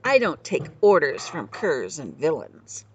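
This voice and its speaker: A woman's voice: low voice, big pitch swings, measured pace, a little hiss or hum. A woman voicing a spoiled, haughty boy prince in a storybook reading, whining and giving orders. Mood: whiny. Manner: whiny and imperious.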